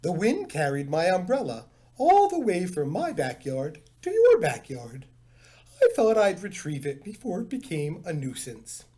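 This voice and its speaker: A man voicing a gentle, polite male panda bear in a storybook reading, speaking courteously. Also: high voice, huge pitch swings, unhurried, heavily acted.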